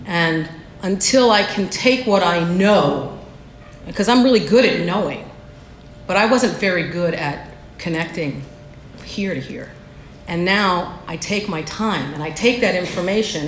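A woman giving a personal recovery share at a meeting, candid and self-deprecating in how she tells her story. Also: fairly low pitch. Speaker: speaker sharing at a recovery meeting. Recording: echoey room, faint background noise.

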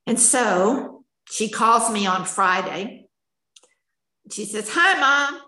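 A woman's voice: medium pitch, fairly even intonation, slow, pushed and bright, roomy sound, low-quality recording. An older woman telling her personal story at a recovery meeting, candid and emotional, in a chatty storytelling manner. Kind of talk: personal testimony.

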